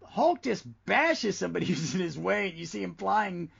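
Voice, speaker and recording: A man co-hosting a casual podcast chat about comics, talking with enthusiasm and reading lines aloud slowly for effect. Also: sits high, lively intonation, creaky, a bit bright, breathy edge. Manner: enthusiastic, reads comic dialogue aloud with slow emphasis. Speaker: podcast co-host. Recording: dull lo-fi podcast audio.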